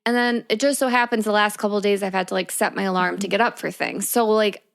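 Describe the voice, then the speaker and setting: A woman's voice: medium pitch, fairly even intonation, quick pace, creaky. A woman co-hosting a podcast in casual chat, chiming in and finishing her co-host's sentences. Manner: chatty, chimes in and finishes the other host's sentences. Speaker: podcast co-host.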